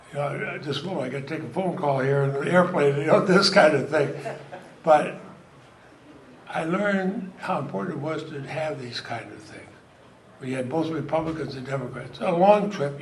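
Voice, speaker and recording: A man's voice: fairly high pitch, animated, unhurried, long pauses. An older man, giving a folksy, anecdotal speech at a party event and chuckling through his stories. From Vermont, US. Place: event hall. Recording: echoey hall with crowd noise.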